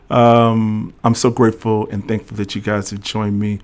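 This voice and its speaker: A man's voice: fairly low pitch, completely flat delivery, a little slow. Chatty middle-aged man hosting a livestream. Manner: casual and talkative, reads legal text aloud, jokes with the chat. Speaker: host of a veterans' benefits livestream. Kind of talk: livestream explainer reading regulations and chatting with viewers.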